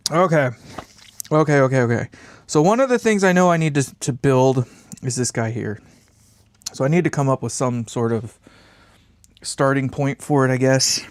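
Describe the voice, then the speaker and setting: A man's voice: mid-range voice, normal speed, pauses often, dry recording. A man with congested sinuses chatting in a rambling, laid-back way while building an amp on a live stream, swearing casually and chuckling often.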